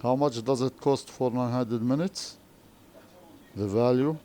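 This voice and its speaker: Slow-talking male English teacher, Arabic accent. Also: mid-range voice, steady tone, dark tone. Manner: slow, repetitive, frequent questioning tags. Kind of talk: classroom lesson explanation.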